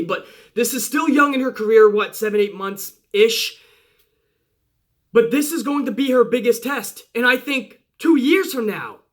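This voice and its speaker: A young man reviewing a wrestling show in casual, excited commentary, emphatic and full of swearing. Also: extremely high pitch. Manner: profane, emphatic, hype-driven.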